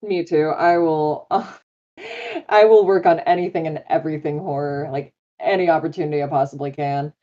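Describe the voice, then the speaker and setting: A woman voice actor chats eagerly as a guest on a live stream, piling on casual fillers as she talks. Her voice sits low and mellow. The audio is a little dull and lo-fi. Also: steady tone, normal speed. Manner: bubbly, enthusiastic, lots of "like" fillers. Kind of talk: live interview chat.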